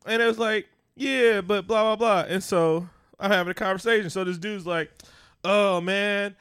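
A man co-hosting a podcast tells stories animatedly in a casual chat, swearing freely and acting out what others said. His voice sits high, clear and resonant with a fairly bright tone, fairly even intonation, and normal speed. The sound is clean studio audio with no echo.

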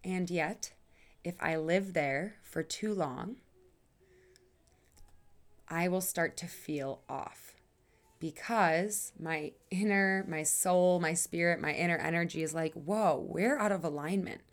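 A woman's voice: lowish voice, slow, long pauses. A woman hosting her own podcast, talking earnestly and emphatically, drawing out her phrases, sighing now and then, and swearing casually. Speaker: podcast host. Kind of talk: personal podcast monologue.

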